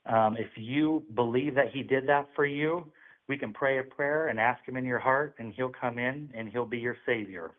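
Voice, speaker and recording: A man speaks over a thin, phone-like line, recounting a spiritual story with earnest, preachy conviction. His voice sits at an ordinary middle pitch. He tells it slowly and sincerely. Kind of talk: religious testimony on a call.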